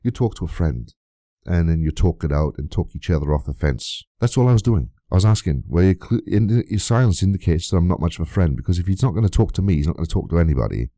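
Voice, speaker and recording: A low-voiced man talks straight to camera in an indignant vlog rant, reading out messages and firing off rhetorical questions. His tone is dark and mellow, and the sound is dry and close with no room around it. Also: expressive, fast, dry recording. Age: adult, long friendship of nearly twenty years. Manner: indignant, rhetorical, swears freely. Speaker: YouTuber.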